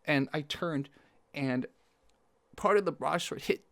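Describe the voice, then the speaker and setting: A young man, outdoors, casually telling a personal story to camera, acting out quoted lines with animated energy. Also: fairly high pitch, slow, no echo. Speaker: vlogger. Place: outdoors in sunlight.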